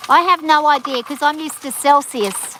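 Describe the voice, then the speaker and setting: A woman's voice: high-pitched, steady tone, normal speed, background noise. A woman with a rural Australian bush accent, chatting plainly and bluntly as she explains gold prospecting beside a creek outdoors. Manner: plain-spoken, blunt and folksy. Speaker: prospecting livestream co-host. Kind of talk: casual explanatory chat.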